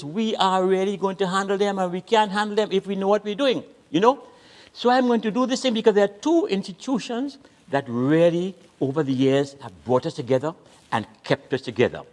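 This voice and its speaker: Older man, comic storyteller; lively, somewhat high voice, playful, rhythmic delivery. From Caribbean. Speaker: storyteller performing at a graduation. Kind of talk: comic storytelling and dialect poetry performance.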